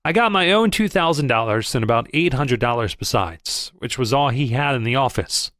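A man reading a first-person audiobook in a lively storytelling manner, close to the mic. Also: mid-range voice, normal speed, no room sound. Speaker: audiobook narrator.

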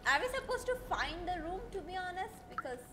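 Animated young woman streamer. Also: very high-pitched, brisk, over music. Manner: excitable, chatty, reads game lines aloud. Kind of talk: live game commentary.

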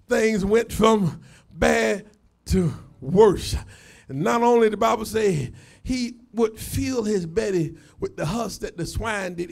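A man preaching a live sermon as a pastor, shouting, laughing and swinging between loud and soft. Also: high voice, creaky. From United States.

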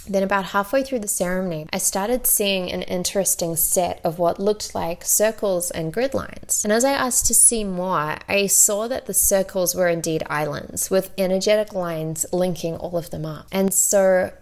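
A woman hosting a podcast, telling a personal story in a soft, intimate way with light laughs. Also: lowish voice. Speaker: podcast host and spiritual coach. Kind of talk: storytelling monologue.

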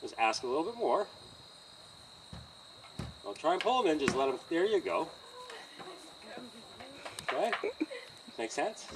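A man's voice: fairly high pitch, big pitch swings, unhurried, long pauses, background noise. Man, horse trainer, outdoor coaching, encouraging, laughs often, distant mic, crickets behind.

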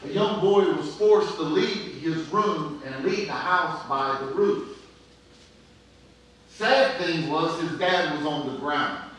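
A middle-aged male pastor preaching slowly and deliberately, letting his words hang between pauses. His voice sits a little high for a man. It is recorded from far off in a very echoey church sanctuary, with faint room noise underneath. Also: a bit bright. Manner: storytelling preacher, pauses often, prays aloud. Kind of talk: sermon.

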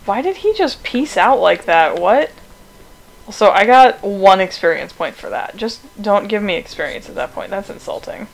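A woman streaming a video game from home on a cheap, sensitive desk mic, reacting excitably and swearing often. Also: mid-range voice, moderate pace, vocal fry, rough recording. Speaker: gaming streamer. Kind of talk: casual let's-play commentary. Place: home room, roommates nearby.

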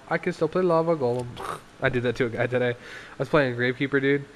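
A young man talking casually through his card game deck, excitable, laughing often and acting out his opponents. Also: medium pitch, a little fast, a little hiss or hum.

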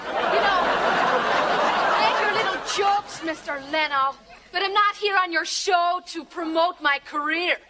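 A woman's voice: very high-pitched, unhurried, crowd noise, noisy background. A woman doing a preachy Irish singer. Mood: indignant. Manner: preachy, indignant. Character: earnest indignant young woman activist singer. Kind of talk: sketch comedy impression.

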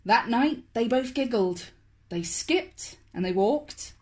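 A woman, a children's author, reading a picture book aloud to toddlers in a slow, expressive, sing-song way. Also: on the high side. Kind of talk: storybook read-aloud for toddlers.

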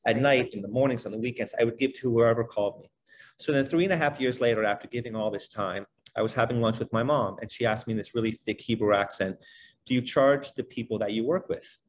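A middle-aged man, a guest on a podcast, telling his life story in a relaxed, conversational way, filling his speech with "you know" and "like". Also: mid-range voice, a little hiss or hum. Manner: animated, fast-flowing, many fillers like "you know" and "like". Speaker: podcast guest, basketball trainer.

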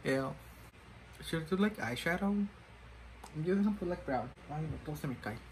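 A man's voice: on the high side, lively intonation, normal speed, a little hiss or hum, low-quality recording. A man chatting casually while doing his makeup, rambling and self-mocking, switching languages mid-sentence. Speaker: makeup vlogger.

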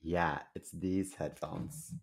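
A man's voice: low-pitched, takes it slowly, gravelly. Blunt, crude male podcast co-host. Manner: animated storyteller, blunt and crude. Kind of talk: casual chat.

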